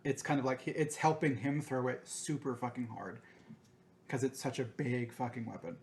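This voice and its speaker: A man in his thirties chatting casually as a podcast co-host. His voice sits at a middle pitch, and he gets excitable, swearing freely and slipping into quoted voices. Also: normal speed. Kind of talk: casual chat.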